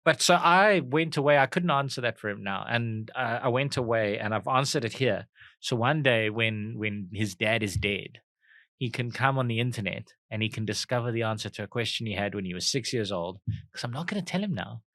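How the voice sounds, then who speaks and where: Bright, joking South African man. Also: medium pitch, a little fast, dry recording. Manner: joking, animated, self-mocking asides. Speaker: podcast co-host. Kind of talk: casual comedic chat.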